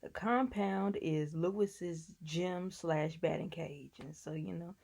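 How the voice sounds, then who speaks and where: A woman's voice: lowish voice, slow pace, gravelly, a little mellow. A woman casually recapping a TV episode in a chatty, sassy way, talking back to the people on the show. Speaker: TV recap vlogger.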